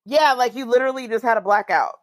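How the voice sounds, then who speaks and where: A woman's voice: fairly high pitch, fast, no echo. A woman co-hosting a podcast in casual chat, asking questions and chiming in often. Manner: conversational, asks questions, backchannels often. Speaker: podcast co-host.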